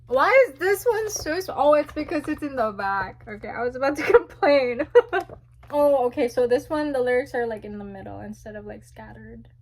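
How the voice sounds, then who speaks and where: A young woman chatting casually as she unboxes albums, gushing and squealing with excitement. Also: high voice, normal speed.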